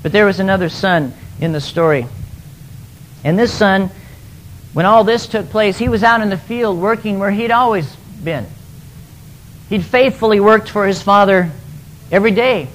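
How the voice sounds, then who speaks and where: A man's voice: high-pitched, normal speed, pauses often, a bit bright, a little hiss or hum, rough recording. A man preaching, retelling a parable emphatically and often repeating words as he goes. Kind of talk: sermon storytelling.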